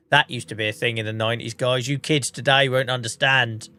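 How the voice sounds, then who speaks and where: Here a Norfolk man in his forties, sounding sharp at a medium pitch, streams a farming game while feeling unwell and coughing. He's chatty and profane, poking fun at himself, with the English accent of his home county.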